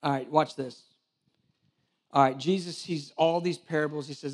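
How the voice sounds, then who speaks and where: The sermon comes from a church director whose voice is fairly high and whose speed is normal. He animates his stories by acting out the dialogue and keeps the congregation laughing with jokes.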